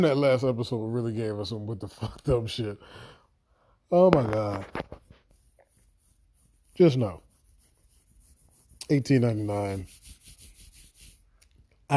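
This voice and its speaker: A man's voice: fairly low pitch, mellow. A man giving an exasperated, profanity-laden video review of a series he thinks let him down. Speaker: show reviewer.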